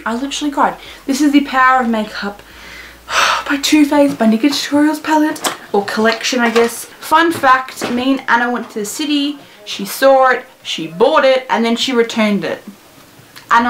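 A teenage girl gushing excitedly through a casual beauty haul vlog, saying "literally" constantly. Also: fairly high pitch, slight background noise. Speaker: beauty vlogger.

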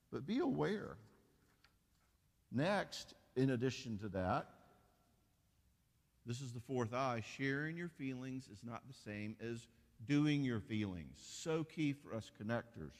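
A man gives a folksy, animated conference sermon, now and then slipping into quick impressions of spouses. His voice sits at an everyday middle pitch. It rings with a long reverb from a church auditorium. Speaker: pastor leading a marriage conference.

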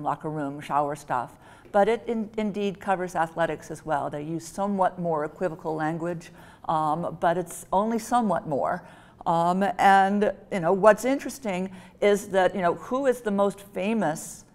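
A woman speaking as a law professor on a conference panel, measured and dry. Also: on the low side. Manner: measured, dry, with small laughs. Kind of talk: panel discussion answer. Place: conference hall.

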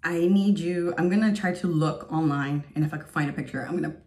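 A woman's voice: deep voice, brisk, a little mellow. A woman in her thirties giving an earnest, emotional spoken testimony as a vlogger, rambling with lots of fillers. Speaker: faith vlogger.

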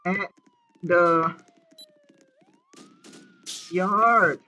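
A man hosting a live game commentary, excitable and often shouting as he plays. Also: sits high, extremely slow, poor audio. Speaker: gaming channel host.

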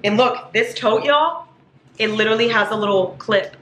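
A woman vlogging a casual haul, gushing and excitable, squealing over each item. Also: on the high side, moderate pace. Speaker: book vlogger. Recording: echoey room with faint hiss.

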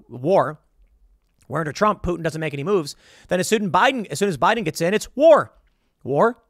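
A man's voice: high voice, a bit bright, no echo, studio quality. A man hosting a show of political commentary, ranting and incredulous. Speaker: host.

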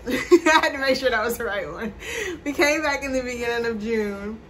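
A young adult woman telling a personal story to camera in a casual, animated vlog chat. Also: on the high side, moderate pace, a little hiss or hum. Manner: chatty, animated, addresses viewers. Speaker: vlogger.

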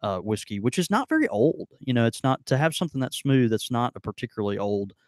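Man co-host, casual rambling delivery, lively intonation, dry close sound. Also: mid-range voice, fast talker, no echo. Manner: rambling, many fillers and restarts. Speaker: podcast co-host. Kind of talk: casual tasting chat. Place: in Mississippi.

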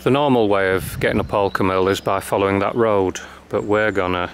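A man's voice: lowish voice, fairly even intonation, a little fast. Man chatting on a hill walk. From Lancashire, England. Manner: chatty, dry self-mocking humour. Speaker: vlogger filming a hill walk. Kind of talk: casual walking commentary. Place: outdoors on a rural hillside. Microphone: handheld camera mic. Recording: outdoor camera audio with clear background noise.

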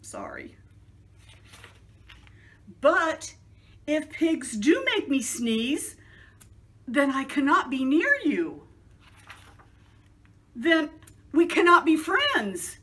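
A woman voicing a fretful, dramatic male elephant who stammers and sneezes loudly. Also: high voice, big pitch swings, drawn-out words, long pauses, pitched above the performer's own voice, heavily acted. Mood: worried. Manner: stammering before loud sneezes.

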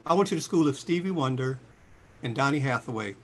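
A man in his sixties, a singer, telling lively stories in a casual interview and jumping into high voices for quotes. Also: fairly quick, slight background noise. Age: 60s. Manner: animated storyteller, jumps into high voices for quotes. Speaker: singer and guest.

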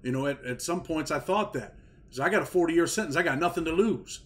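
A man hosts the conversation in casual street slang, drawing his guest out with leading questions. His voice sits a little higher than most men's. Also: expressive, brisk. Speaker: podcast host, former prisoner. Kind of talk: casual interview chat.

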